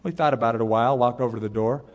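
Man, middle-aged, pastor preaching, earnest, emphatic, medium pitch, long hall reverb. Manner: earnest preaching with pauses and sudden emphatic rises. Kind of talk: sermon.

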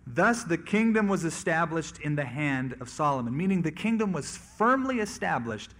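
A man's voice: fairly high pitch, very animated, normal speed, fairly bright tone. A man preaching a sermon on scripture in a conversational way, sometimes acting out the people he quotes. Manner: conversational, acts out quoted voices. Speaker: pastor.

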